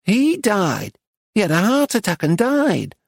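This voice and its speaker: Male narrator voicing an elderly Northern English woman, chatty and matter-of-fact, higher register, dry close read. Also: huge pitch swings, unhurried, gravelly, no echo, heavily acted. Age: older. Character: chatty little old Englishwoman abroad. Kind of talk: audiobook reading.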